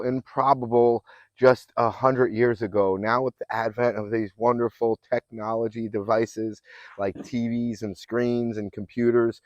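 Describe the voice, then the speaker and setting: A man with a lowish voice works as a fitness and mindset coach, giving a motivational self-help talk. He's earnest and affirming, with rambling restarts, and the recording is dry and muffled.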